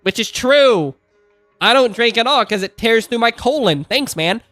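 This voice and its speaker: A man's voice: extremely high pitch, lively intonation, moderate pace, pushed and bright, no room sound, faint music behind. A man in his thirties chatting casually on a live stream, rambling through asides and laughing often.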